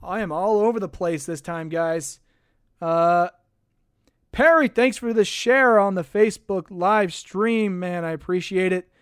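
A man's voice: high-pitched, unhurried, fairly bright tone, smooth, no room sound, studio quality. A young man hosting a casual sports podcast livestream, rambling and chatty as he thanks viewers between game recaps. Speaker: podcast host. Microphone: desk microphone.

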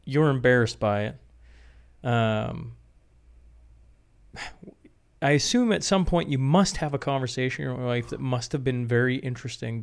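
A man's voice: medium pitch, gravelly. A man hosting an interview, asking long questions hesitantly and searching for words. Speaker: interview host. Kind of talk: casual interview.

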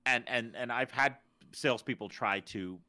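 A man's voice: medium pitch, moderate pace, bright, forceful tone. A man co-hosting a podcast, chatting casually and stumbling over repeated words as he starts sentences. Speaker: podcast co-host. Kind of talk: casual chat.

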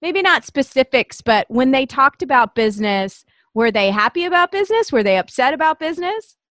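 A woman's voice: sits high, sing-song, a little fast, fairly bright tone, dry recording. A woman in her forties with a Southern US accent, hosting a podcast and interviewing a guest with gushing, exclamatory energy. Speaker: podcast host.

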